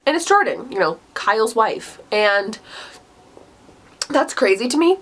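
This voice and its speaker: A woman's voice: mid-range voice, sing-song, measured pace, fairly bright tone. Woman, casual book talk vlog, gushing, enthusiastic, giggly, lots of "like". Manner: gushing, enthusiastic, frequent "like" fillers; laughs often mid-sentence. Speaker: book reviewer.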